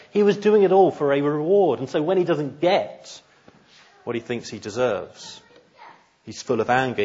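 A man's voice: mid-range voice, slightly rough, highs cut off. A male preacher delivering a sermon in an earnest, emphatic way, asking rhetorical questions.

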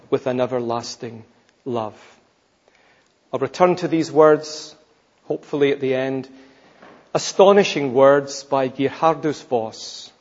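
A man preaching an expository sermon, slow and emphatic, his voice trailing softly at the ends of phrases. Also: mid-range voice. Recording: dull lo-fi sound with long hall reverb.

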